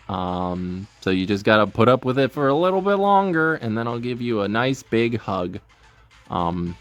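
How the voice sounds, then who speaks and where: A man giving casual, self-deprecating commentary over his own gameplay, rambling with lots of ums. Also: fairly low pitch. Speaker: gaming video host.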